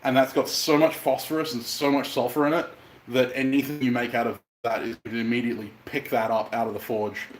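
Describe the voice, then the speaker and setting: A man with a light Australian accent chats loosely with his livestream viewers, rambling from one point to the next and swearing now and then. His voice sits at an ordinary middle pitch. Faint noise from his workshop hums behind him. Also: level tone, a little fast, reverberant, low-quality recording. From Western Australia. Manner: chatty, rambling, mild swearing. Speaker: bladesmith livestreamer. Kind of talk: casual livestream chat, answering viewers.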